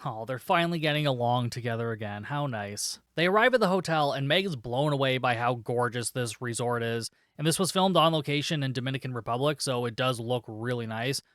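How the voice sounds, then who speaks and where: A man's voice: medium pitch, brisk, hardly any pauses, a bit bright, no echo, clean studio sound. A man hosting a podcast, recapping a film plot in a chatty, sarcastic way with profane asides. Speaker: podcast host reviewing a film. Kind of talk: casual spoken film recap.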